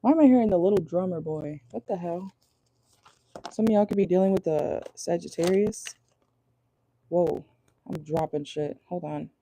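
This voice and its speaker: Woman tarot reader, casual and blunt, low dark voice, dry close sound. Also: moderate pace, long pauses, slight background noise. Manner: chatty, laughs often, blunt and crude. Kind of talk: casual channeled tarot reading.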